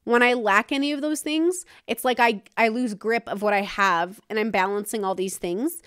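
A woman with a slightly high, somewhat bright voice speaks at a moderate pace, recorded in studio quality with no echo. She's hosting her own podcast, delivering a frank, casual solo monologue with some swearing.

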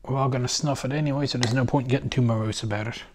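A tired middle-aged man rambling casually in a deliberately quiet voice while he builds a model kit at home. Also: steady tone, background noise. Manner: quiet, deliberately low volume.

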